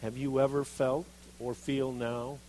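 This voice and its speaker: A man preaching a sermon, reading scripture and acting out the quoted speakers with lively expression. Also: medium pitch, measured pace, a little hiss or hum, rough recording. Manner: animated, acts out quoted voices of Jeremiah and God.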